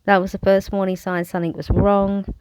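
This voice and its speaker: A woman's voice: mid-range voice, level tone, a little fast, darkish tone, clean tone, dry recording, poor audio. An Australian woman telling her own story to camera in a frank, wry manner, with bursts of sarcasm. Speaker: vlogger. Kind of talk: candid personal storytelling.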